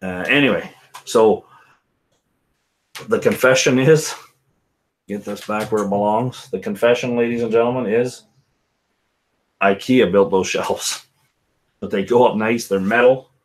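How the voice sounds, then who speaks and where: A man's voice: fairly low pitch, measured pace, long pauses. A man hosting a casual whisky live stream, rambling and chatting with viewers by name. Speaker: livestream host.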